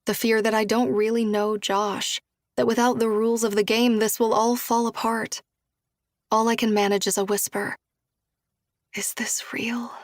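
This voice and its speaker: A woman reads a first-person audiobook in a soft, even voice that rarely moves in pitch. The sound is dry and close, with no room around it, and her dialogue falls to a hushed whisper. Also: moderate pace, no room sound. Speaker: audiobook narrator.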